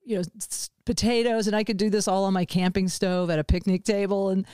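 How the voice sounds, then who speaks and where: A woman's voice: medium pitch, little pitch movement, fairly quick, warm tone, smooth, no room sound. Middle-aged woman host, casual podcast chat, laughs easily, dry close-mic sound. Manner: chatty, laughs often, self-deprecating. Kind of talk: casual conversation.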